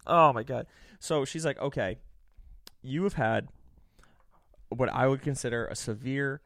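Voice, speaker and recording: A young man casually telling a story in animated fashion, swearing freely, laughing often and mimicking other people. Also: mid-range voice, unhurried, no echo, studio quality.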